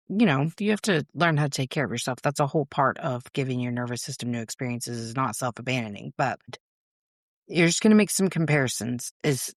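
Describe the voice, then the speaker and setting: Speaking in a very deep voice, this solo podcast host chats frankly and casually, cursing without restraint and voicing her own thoughts as short quoted asides. The sound is clean studio audio with no echo.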